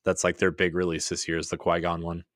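A man with a very low, deep voice talks loosely on a podcast, wandering through his thoughts with plenty of fillers and restarts. His voice is recorded close and dry, with no room sound. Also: monotone, fast, fairly bright tone, no echo. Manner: rambling, many "like"s and restarts. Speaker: podcast co-host. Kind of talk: casual podcast chat.

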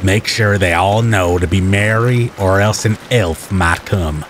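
A man voicing a sinister older captor who guards a killer elf, speaking low, slow and calmly menacing. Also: noisy background. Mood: ominous. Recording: faint rain bed behind the voice.

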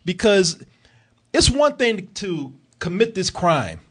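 A man casually reviewing a film with animated, profane banter, often laughing and acting out characters. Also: high-pitched, slow pace, breathy edge. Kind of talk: casual comedic movie review chat.

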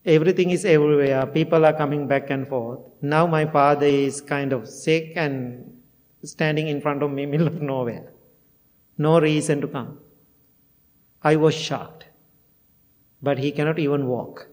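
A man's voice: fairly high pitch, steady tone, normal speed, darkish tone. A middle-aged man, a Buddhist monk, giving a heartfelt storytelling dharma talk at a temple and laughing at himself now and then. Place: temple meditation hall. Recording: long hall reverb.

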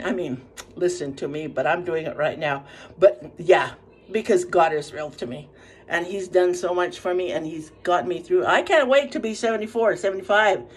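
A woman in her seventies, on her own in a small apartment, records a fervent preaching monologue as a Facebook video for social media. Her voice has a breathy edge, and she alternates hushed prayer with high calls, breaking into hallelujahs.

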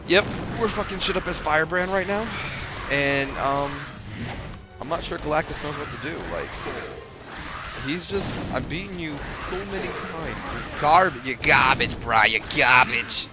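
A young man hosting his gaming video, giving profane, excitable commentary with sudden yelps while he plays. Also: fairly high pitch, moderate pace. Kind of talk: profane live gameplay commentary. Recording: game music behind voice.

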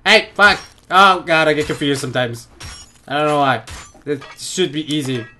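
A young man giving crude, goofy gameplay commentary on a headset in his bedroom, often laughing and yelling out suddenly. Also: fairly high pitch, normal speed, a little hiss or hum. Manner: goofy, giggly, crude jokes, sudden loud outbursts. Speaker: gaming let's play host.

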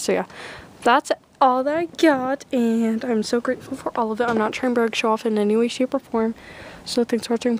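A teenage girl chatting excitedly in a casual haul video, full of "like" and "oh my gosh". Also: fairly high pitch, moderate pace, noisy background. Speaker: vlogger showing a thrift haul.

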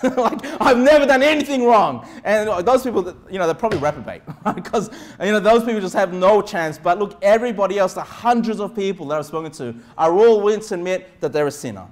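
A man preaching as pastor, with quick asides and sudden shouted lines. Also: high-pitched, expressive. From Australia. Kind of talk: sermon.

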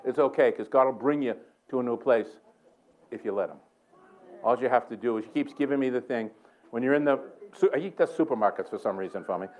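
A man's voice: medium pitch, quick pace, a little mellow. A man preaching a sermon in a church, telling a story with lots of chuckles and self-mocking humor. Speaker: guest preacher. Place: church sanctuary.

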